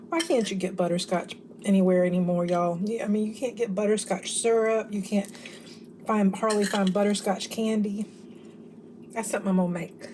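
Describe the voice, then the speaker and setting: A woman, chatting warmly and enthusiastically to viewers in a home cooking vlog while tasting food. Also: mid-range voice, steady tone, moderate pace, slight background noise. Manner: chatty, enthusiastic, says y'all. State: talking while eating.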